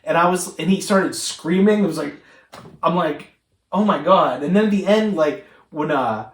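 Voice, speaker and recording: A man chats excitedly as co-host of a casual movie podcast, his voice a little high. He sits away from the mic, and the room adds an echo. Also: moderate pace. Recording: roomy echo, distant mic.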